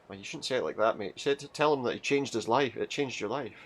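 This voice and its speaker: A man's voice: mid-range voice, fast talker, few pauses, slight background noise. Jokey man doing gameplay commentary. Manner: jokey, reads game dialogue aloud. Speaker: let's play host.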